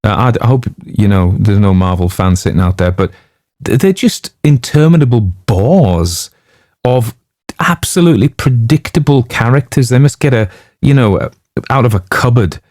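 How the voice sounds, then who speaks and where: A man's voice: mid-range voice, animated, moderate pace, a little mellow, no echo, clean studio sound. A man chatting casually before reading a story, rambling off on digressions, with lots of fillers and jokey asides. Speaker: audiobook narrator introducing a story.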